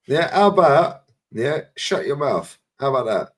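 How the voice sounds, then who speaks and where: Casting: London man, mid-pitched, blunt and sweary, podcast storyteller. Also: lively intonation, measured pace. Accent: London English. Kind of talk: casual chat.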